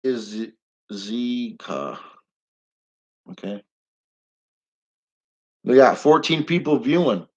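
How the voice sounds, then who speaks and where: A man's voice: medium pitch, lively intonation, very slow, long pauses, dull audio. A middle-aged man hosting a casual live stream, talking bluntly and rambling, getting heated and swearing now and then.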